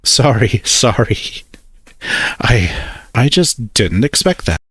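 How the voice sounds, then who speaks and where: A man's voice: mid-range voice, big pitch swings, slow pace, a bit bright, breathy edge, dry recording, exaggerated voice. A man voicing a teasing, blunt young male friend on a phone call.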